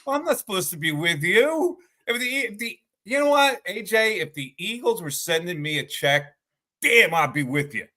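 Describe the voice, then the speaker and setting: Blunt, lively-voiced male sports radio veteran. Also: sits high, moderate pace. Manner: blunt, rambling, exasperated. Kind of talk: opinionated sports talk.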